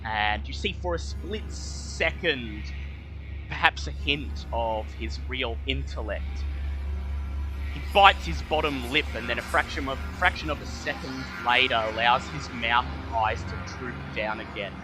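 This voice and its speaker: A man running a tabletop game as game master, narrating the scene slowly and in detail. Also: medium pitch, music in the background, low-quality recording. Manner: slow, descriptive scene narration.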